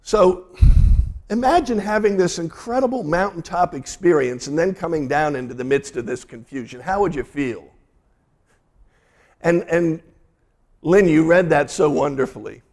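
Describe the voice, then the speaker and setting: A man, a pastor, delivering a sermon and retelling scripture in a lively storytelling way. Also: fairly high pitch, moderate pace.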